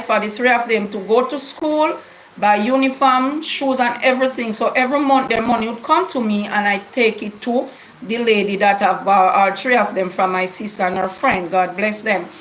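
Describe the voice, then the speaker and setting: A middle-aged YouTube vlogger with a Jamaican accent tells her viewers a long personal story, casual and emphatic, repeating words for stress and using Jamaican English grammar. Her voice is fairly high, and the audio is poor, with slight background noise.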